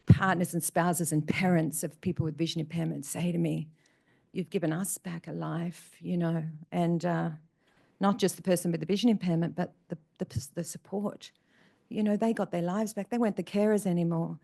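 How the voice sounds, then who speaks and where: A woman's voice: on the low side, fairly even intonation, normal speed, vocal fry, a little mellow. A middle-aged woman giving an emotional personal talk to an audience, repeating phrases for emphasis. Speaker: motivational speaker. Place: community event room.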